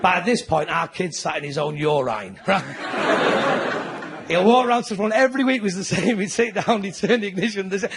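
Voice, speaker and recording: Man, manchester accent, stand-up comic, very high for a man, noisy live recording. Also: expressive, moderate pace, over a noisy crowd. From north of England, Manchester. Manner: chatty, self-mocking, ranting. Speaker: stand-up comedian. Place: comedy venue with live audience.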